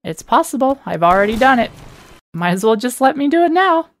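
A woman giving casual let's play commentary, chatty and teasing the enemies, her voice slightly hoarse. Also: fairly high pitch, big pitch swings, a little fast. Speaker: gamer playing a shooter.

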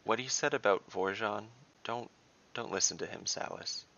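A man with a gravelly voice voicing an earnest young adventuress in a fantasy story. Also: on the low side, moderate pace, sharp tone. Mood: quiet, urgent. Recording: dull lo-fi recording.

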